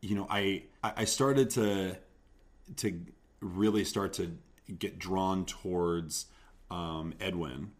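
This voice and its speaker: A man co-hosting a podcast in casual chat, rambling and often trailing off softly. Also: sits low, steady tone, slow. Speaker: podcast co-host.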